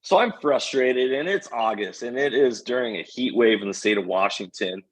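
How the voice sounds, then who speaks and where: A man, a podcast guest, telling an animated hunting story and acting out the voices of the people in it. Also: mid-range voice, moderate pace, poor audio.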